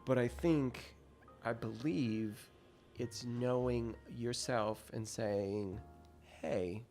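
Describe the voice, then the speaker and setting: A man co-hosting a casual podcast, supportive and affirming, often backing the host with quiet agreement. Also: mid-range voice, steady tone, extremely slow, soft background music. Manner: supportive, frequent affirming murmurs.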